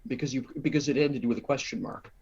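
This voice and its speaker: A woman's voice: a bass voice, steady tone, quick pace, a little mellow, slightly rough. A woman in casual chat with fellow players, full of dry, teasing banter. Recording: muffled, lo-fi call audio.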